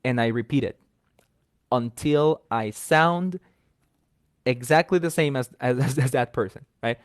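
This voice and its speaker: A man's voice: medium pitch, a little slow, clean tone, no echo. Male teacher, dry sound. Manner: patient, explains step by step with examples. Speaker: English teacher guest. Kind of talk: casual explanatory chat.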